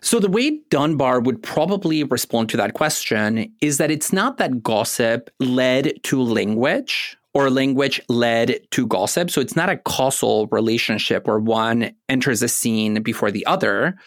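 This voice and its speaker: A man co-hosting a casual scholarly discussion, explaining ideas in a measured way with touches of light humor. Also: mid-range voice, animated, no room sound, studio quality. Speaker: podcast co-host.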